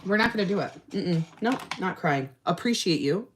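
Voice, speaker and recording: A woman's voice: lowish voice, lively intonation, normal speed, a little hiss or hum. A young adult woman hosting a casual makeup livestream, reading out comments, sounding tired, laughing often and trailing off into fillers.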